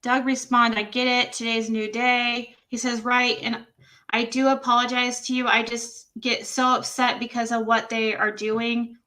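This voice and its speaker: A woman's voice: a little high, little pitch movement, normal speed, sharp tone. A woman hosting a livestream, reading text messages aloud and reacting to them with exclamations and laughter. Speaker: livestream host.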